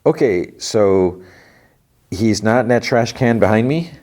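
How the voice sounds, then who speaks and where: A man's voice: low voice, animated, normal speed, darkish tone. A man putting on the voice of a polite young woman from a vault as he retells a scene. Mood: wary questioning.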